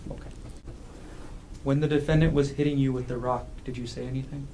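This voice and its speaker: A man's voice: mid-range voice, flat delivery, crowd noise. Man questioning a witness in court. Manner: measured, formal questions. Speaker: prosecutor.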